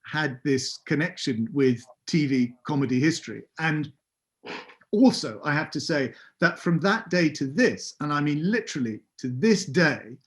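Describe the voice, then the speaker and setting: A man's voice: a little high, animated, measured pace. A man in his fifties, a podcast guest telling a wry, self-deprecating story. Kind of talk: anecdotal storytelling.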